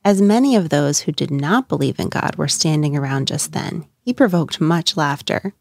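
A woman giving a dramatic reading of a passage in a measured, expressive way. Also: deep voice, gravelly. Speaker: quote reader.

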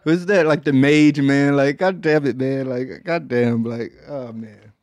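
Laid-back host, dry close mic. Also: male voice, medium pitch, fairly even intonation, unhurried, a little mellow, no echo. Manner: profane, laid-back, filler "man" after most phrases. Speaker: podcast host. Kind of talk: casual comedic podcast chat.

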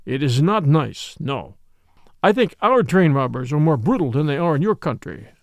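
A man's voice: fairly high pitch, very animated, moderate pace, no room sound. A man doing a soothing, apologetic police official. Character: apologetic, smooth male police commissary.

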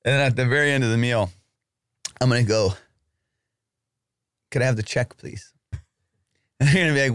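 A man's voice: medium pitch, animated, a little fast, long pauses, clean tone, no echo, studio quality. A man co-hosting a podcast, telling a rambling comic story with swearing and playful put-on voices. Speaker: podcast co-host. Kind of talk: casual comedic podcast chat.

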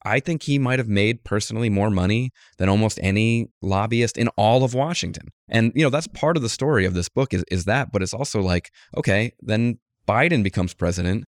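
Lower-voiced man telling an animated story. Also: brisk, hardly any pauses, no room sound, studio quality. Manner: animated storyteller, acts out quotes. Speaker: guest author, political journalist. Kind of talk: conversational interview.

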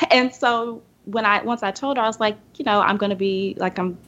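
A woman from the Southern United States telling a personal story in a casual podcast roundtable. She acts out the people in her story with lively voices. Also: medium pitch, normal speed. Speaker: podcast panelist. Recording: dull lo-fi podcast audio.

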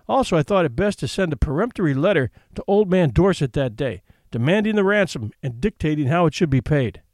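A man's voice: on the high side, a little mellow, no echo. Wry man reading a story aloud. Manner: wry, folksy, character voices. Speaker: narrator. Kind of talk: audiobook storytelling.

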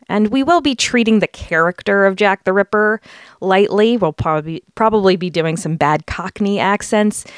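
A woman's voice: mid-range voice, smooth, no echo, clean studio sound. A woman from the United States hosting a podcast, chatting casually and laying out facts with frequent fillers. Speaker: podcast host. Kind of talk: casual podcast chat and research narration.

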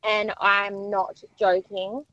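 A woman calls in to a radio show with an animated story. Her mid-range voice comes through a dull, slightly muffled line. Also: medium pitch, slow pace, no room sound. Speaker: caller. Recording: dull lo-fi phone audio.

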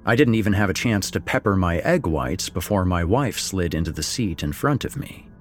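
A middle-aged man narrating a first-person story, expressive and wry, voicing the dialogue. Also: sits low, normal speed. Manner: expressive, swings between wry and somber. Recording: faint background music.

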